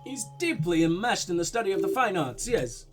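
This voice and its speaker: A man's voice: sits high, sing-song, brisk. Man doing a pompous diplomat, fake Russian-German accent. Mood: smooth, evasive. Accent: mock Russian-German blend. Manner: suave, evasive, pompous. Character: smooth evasive male foreign diplomat, middle-aged.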